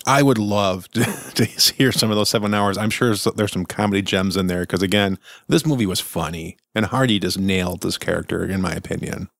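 A man talking through a casual film review in a lowish voice, chatty and full of opinions. He sounds keen and conversational, and the recording is close and dry with no room sound. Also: a little fast, gravelly, few pauses, fairly bright tone, dry recording. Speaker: podcast host.

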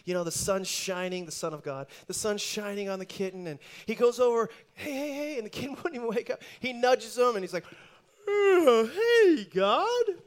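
A pastor preaching a sermon, telling a joke story with animated asides and lots of repeated restarts. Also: male voice, high voice, a little fast, few pauses.

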